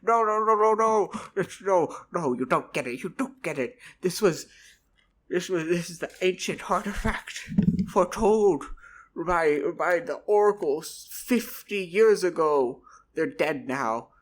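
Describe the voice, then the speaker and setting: A man's voice: medium pitch, slow, creaky. A man voicing a fretful old male goblin blacksmith who is dramatic and flustered, stammering through an improvised comic story. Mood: excited.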